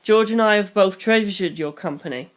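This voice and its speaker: A reader voicing a gentle but firm middle-aged mother, speaking calmly and softly as she reassures. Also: medium pitch, moderate pace, close to an everyday voice. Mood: tender. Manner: calm, soft-spoken, reassuring. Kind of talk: storybook reading.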